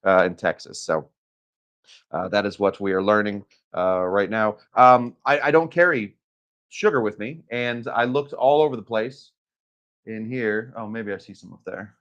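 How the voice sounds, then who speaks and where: A man's voice: fairly low pitch, a bit bright. A man from Arizona hosting a casual live cocktail demo from a hotel room, talking in a rambling, chatty way with many fillers. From Arizona, USA. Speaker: cocktail channel host.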